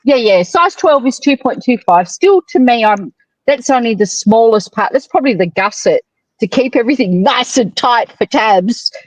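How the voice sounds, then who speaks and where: Woman, livestream host, cheeky and crude, slightly high voice, dry close sound. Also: lively intonation, moderate pace, no room sound, poor audio. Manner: cheeky, teasing, crude jokes. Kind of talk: casual chat.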